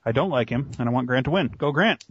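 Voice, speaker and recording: A man's voice: medium pitch, expressive, fast talker, fairly bright tone, husky, no echo, dull audio. A man hosting a talk show, casual and joking, laughing often. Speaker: host. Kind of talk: casual chat.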